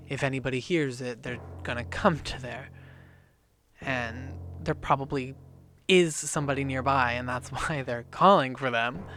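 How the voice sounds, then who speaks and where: A man co-hosting a podcast, excitably retelling a book chapter in casual chat and swearing freely. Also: medium pitch. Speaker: podcast co-host.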